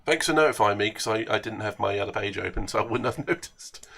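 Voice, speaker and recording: A man's voice: lowish voice, fast talker, gravelly, fairly bright tone. A man with an English accent chatting and joking with viewers while commentating his own racing game on a live stream. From England.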